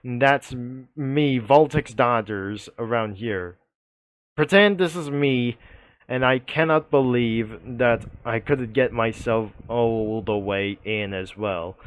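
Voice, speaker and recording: A man's voice: medium pitch, slow. A man narrating a comic story in a rambling, repetitive way.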